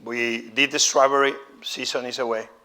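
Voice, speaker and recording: A man's voice: mid-range voice, flat delivery, normal speed, sharp tone. A man whose first language is not English, a chef giving a live cooking demonstration lecture with showman flair and a candid, chatty tone. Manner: showman-like, exclaiming, then candid and conversational.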